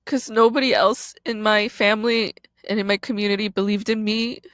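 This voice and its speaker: A woman's voice: medium pitch, level tone, normal speed, a bit bright, no echo. Woman in her 30s talking straight into the mic, super blunt and sweary, dry close sound. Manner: blunt, profane and raw. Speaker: podcast host and comedian. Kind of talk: confessional monologue.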